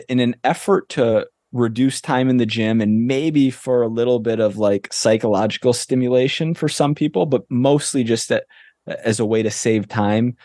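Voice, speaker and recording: A young man with a mellow, dark, somewhat low voice lays out exercise methods step by step. He sounds dry and matter-of-fact, recorded close in a dead, dry room. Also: no room sound. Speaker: podcast co-host. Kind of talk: casual explaining.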